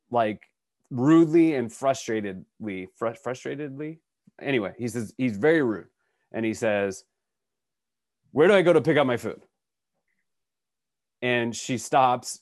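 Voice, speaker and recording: A man's voice: medium pitch, no echo, clean studio sound. A man in his thirties or forties, a podcast co-host, telling a story in casual conversation, acting out what people said, with many restarts. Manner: animated storyteller who acts out quotes, with frequent restarts.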